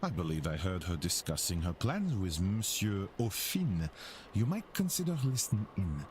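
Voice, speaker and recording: Toussaint, a scheming French investigator. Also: male voice, low voice, very animated. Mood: coercive. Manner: formal, measured, dropping French phrases. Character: scheming male French investigator, blackmailing, self-assured. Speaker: game character. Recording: game audio with noisy ambience.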